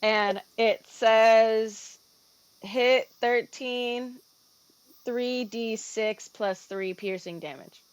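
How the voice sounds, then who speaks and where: A woman's voice: fairly high pitch, drawn-out words, clear, resonant tone. A woman at a tabletop game, talking casually with many fillers as she checks the rules. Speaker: player.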